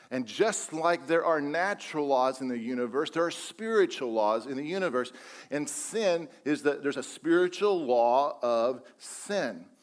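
A male pastor preaching a sermon, emphatic and repeating his key phrases. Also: on the high side.

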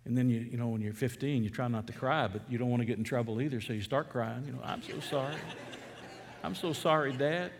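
A man's voice: medium pitch, steady tone, fast, few pauses, a little mellow, big-room sound, a little hiss or hum. A middle-aged man from Atlanta, preaching a sermon as a pastor in a conversational, storytelling way with fervent emphasis. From Atlanta, USA.

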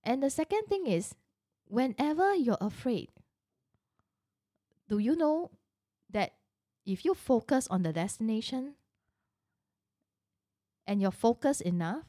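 A woman's voice: a little high, sing-song, slow, long pauses, dark tone, no echo, clean studio sound. A middle-aged woman telling a personal story in a casual, chatty way, full of rhetorical questions and asides.

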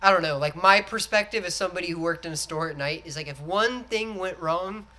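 Bright-voiced man in animated casual chat. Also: high voice, a little fast. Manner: animated, swearing, acts out movie lines. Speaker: podcast co-host.

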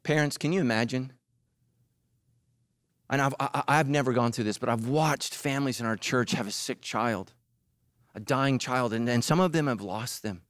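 A man preaching a sermon, telling a story with humor and acting out quotes, swinging from loud high bursts to low quiet emphasis. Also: moderate pace, pauses often, no echo, studio quality. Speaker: pastor.

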